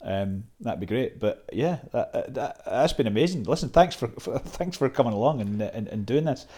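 A man hosting a podcast, closing the conversation in a relaxed, casual way. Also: mid-range voice, moderate pace. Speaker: podcast host.

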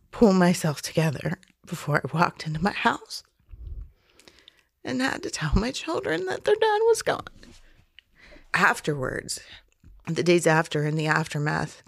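A woman in her forties recounts a personal ordeal in halting, emotional phrases. Her voice sits low and carries a gravelly fry. The sound is dry and close. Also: no room sound. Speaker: interviewee. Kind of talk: personal testimony.

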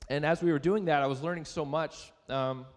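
The voice belongs to a young adult man on the high side, speaking a little fast with fairly even intonation, and the church sanctuary gives it a big-room sound. As a pastor preaching, he relates a personal anecdote in a chatty, self-deprecating manner and quizzes his listeners.

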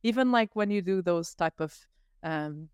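A woman's voice: on the low side, lively intonation, a little slow, darkish tone, smooth, no room sound, clean studio sound. A woman talking as a guest on a podcast, chatty and rambling, laughing easily. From not Canadian, living abroad. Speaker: guest artist. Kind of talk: casual podcast conversation.

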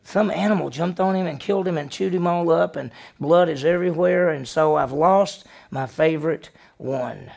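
A man pastor preaching a sermon, questioning the congregation and acting out the story with lively voices. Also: fairly high pitch, moderate pace, vocal fry, few pauses.

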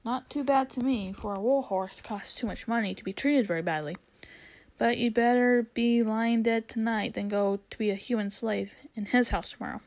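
A woman voicing a proud, bossy male talking war horse in a storybook read-aloud, brisk and commanding. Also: fairly high pitch, a little mellow, dry recording, close to an everyday voice. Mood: urgent.

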